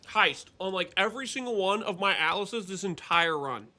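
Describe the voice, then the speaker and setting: A man streaming a game live, chatting casually with viewers in an excitable, teasing way and laughing often. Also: high voice. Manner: excitable, teasing, quick to laugh and banter with chat. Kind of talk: casual live gameplay commentary to chat.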